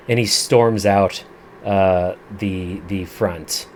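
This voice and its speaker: A man narrating and running a tabletop game as its game master, in a slow, measured way with small restarts. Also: low voice, steady tone, a little mellow, a little hiss or hum. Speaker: dungeon master.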